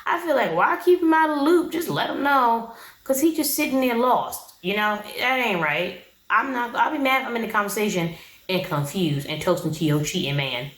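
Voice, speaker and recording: A woman's voice: a little high, animated, normal speed, fairly bright tone, roomy sound, poor audio. A young woman giving a casual, opinionated recap of a reality show in a slangy, chatty way.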